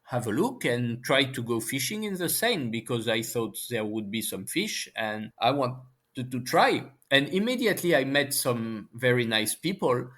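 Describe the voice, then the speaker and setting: A man from France with a French accent, speaking English as a second language, talking casually as an interview guest and pausing often to find his words. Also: medium pitch, sing-song, fairly bright tone. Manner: halting, searching for English words. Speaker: guest scientist and author.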